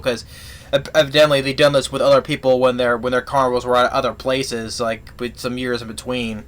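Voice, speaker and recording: A man giving a casual spoken movie review, retelling the plot in a rambling, halting way full of restarts. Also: mid-range voice, level tone, a bit bright.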